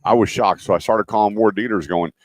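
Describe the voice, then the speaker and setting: Broadcasting live from a car dealership, a middle-aged radio host talks fast in a lowish voice, mixing folksy, filler-heavy stories with promos for the dealership. No room sound comes through.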